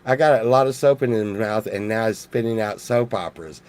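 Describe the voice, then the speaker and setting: A man's voice: lowish voice, brisk, a little mellow. A man from Texas, rambling jokily in a casual monologue full of restarts and swearing. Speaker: vlogger.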